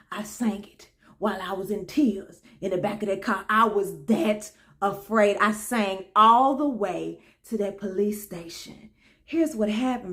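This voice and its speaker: A woman vlogger telling a comic personal story in an animated, preacherly way, calling her viewers baby and y'all. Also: on the high side. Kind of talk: comedic storytelling vlog.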